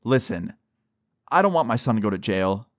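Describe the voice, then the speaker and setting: A man's voice: fairly low pitch, sing-song, normal speed. A man voicing a serious, worried mother. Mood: earnest. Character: worried middle-aged mother, calm and serious.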